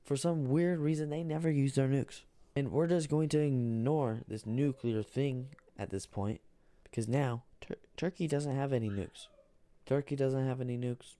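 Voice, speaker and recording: A man's voice: mid-range voice, mellow, no room sound. A man casually narrating an alternate history on a map, repeating himself and restarting sentences. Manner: repetitive, restarts, halting.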